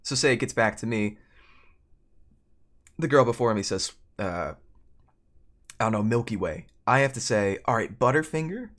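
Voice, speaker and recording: A man's voice: fairly low pitch, normal speed, long pauses, a bit bright. A man streaming a game and telling a long story in a loose, rambling way, correcting himself often and chuckling between lines. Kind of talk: casual storytelling while gaming.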